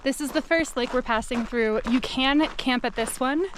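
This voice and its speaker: A fairly high-voiced young woman talks candidly to a handheld camera while out on a mountain trail, her speech loose and chatty, full of fillers. Clear wind and outdoor noise sit under her voice. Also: normal speed, low-quality recording. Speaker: solo backpacking vlogger. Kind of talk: casual vlog narration to camera.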